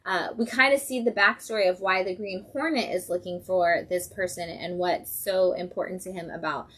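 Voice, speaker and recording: A woman's voice: fairly low pitch, steady tone, normal speed, fairly bright tone, slight background noise. A woman hosting a casual livestream, chatting enthusiastically about new comics and acting out characters' lines. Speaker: comic shop host.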